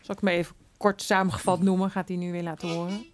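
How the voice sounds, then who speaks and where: A woman with a fairly low voice hosts a live interview on stage. Her English is halting, and she nudges her guest along with short murmured prompts. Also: little pitch movement, slight background noise. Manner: warm encouraging prompts, gentle laughs, halting English.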